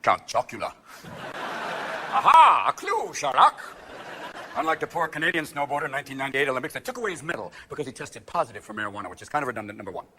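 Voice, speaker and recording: A man doing a stand-up routine on stage, manic and profane, jumping between quick character voices and shouted punchlines. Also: medium pitch. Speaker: stand-up comedian. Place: comedy stage before a live audience. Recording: live show with loud audience noise.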